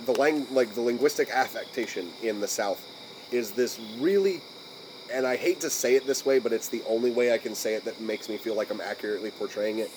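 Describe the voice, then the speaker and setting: Man, American, podcast co-host, casual chat, profane, rambling, average pitch, faint background hiss. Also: brisk. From United States. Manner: rambling, profane, searching for words.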